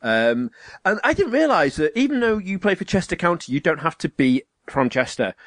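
A man hosts a podcast with a fairly high voice that swings up and down as he tells his stories. He swears freely and laughs often. The mic sound is close and dry. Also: normal speed, no echo. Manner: swearing, laughing, animated storytelling. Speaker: podcast host. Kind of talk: casual podcast chat.

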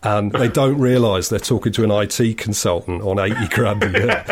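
A man's voice: fairly low pitch, moderate pace, husky. A man chatting casually as a co-host, sardonic and digressive, spinning long mocking stories. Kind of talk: casual chat.

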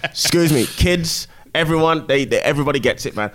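A man's voice: fairly high pitch, lively intonation, brisk, a bit bright. A man from the English Midlands with an English accent, chatting animatedly on a podcast and laughing often. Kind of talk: casual podcast chat.

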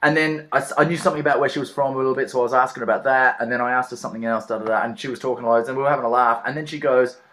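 A man's voice: medium pitch, fairly even intonation, rapid-fire, hardly any pauses, a bit bright. A man from Australia, a comedian guest telling jokey, laid-back stories in casual chat.

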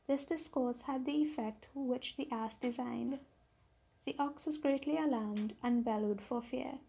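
Brief: female storyteller, high, husky, mellow tone, calm storybook reading. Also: unhurried, rough recording. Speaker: podcast host, storyteller.

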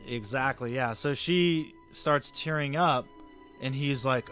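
A relaxed podcast co-host recaps an episode with frequent laughter, a bit of swearing and quick acted-out lines. His pitch sits mid-range for a man. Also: faint music behind. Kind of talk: casual chat recapping an episode.

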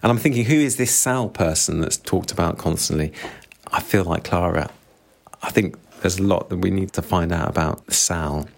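A man's voice: deep voice, moderate pace, vocal fry. A man discussing a novel chapter by chapter, reflective and musing aloud, reading quotes. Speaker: book reviewer.

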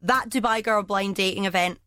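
A woman's voice: mid-range voice, brisk, fairly bright tone, dry recording, clean studio sound. A woman co-hosting a podcast in casual chat, full of cheeky, teasing banter. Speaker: podcast co-host.

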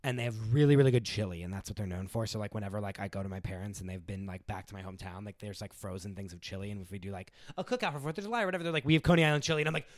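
A man from the United States in casual chat, rambling with lots of fillers and lively impressions of his mother. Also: lowish voice, rapid-fire, few pauses, no echo, studio quality. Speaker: guest.

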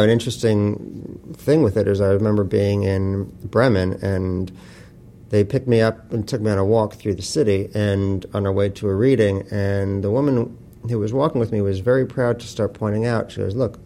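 An author appearing as an interview guest talks casually in a lowish, steady voice that is creaky and mellow, at a moderate pace. He's blunt and profane, telling wry stories.

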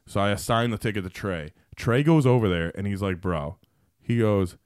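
A man's voice: fairly low pitch, a little fast, a little mellow, no echo, studio quality. A man on a podcast telling long, profane workplace stories in a loose, rambling way full of fillers. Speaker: podcast guest. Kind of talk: casual storytelling.

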